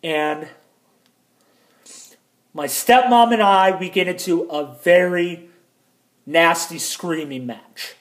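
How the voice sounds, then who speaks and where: A man's voice: fairly high pitch, slow, long pauses. A man angrily retelling a family fight as a vlogger, swearing heavily. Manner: angry, heavily profane retelling. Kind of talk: personal storytelling.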